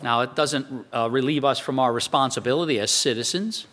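A man's voice: medium pitch, fairly quick, fairly bright tone. A man preaching a sermon in a conversational way, quoting scripture and asking rhetorical questions. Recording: long hall reverb.

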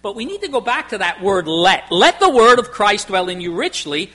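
A man's voice: high voice, very animated, moderate pace, pushed and bright. A man preaching a sermon to his congregation in an emphatic, conversational way, asking rhetorical questions. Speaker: pastor.

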